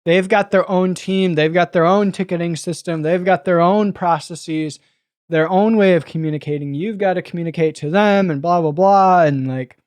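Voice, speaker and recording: A man with a fairly high voice hosts a casual tech podcast. He talks fast and laughs a lot, and now and then he slips into joking voices. The sound is close and dry. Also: a little mellow, dry recording. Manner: quick, laughing often, fond of joking voices. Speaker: podcast host.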